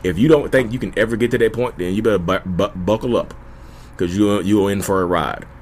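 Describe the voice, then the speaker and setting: A man's voice: on the low side, fairly quick, slight background noise. A man hosting his own channel, giving casual, earnest advice that circles back and repeats itself, calling his listeners y'all. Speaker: YouTube host. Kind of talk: casual direct-to-camera advice talk.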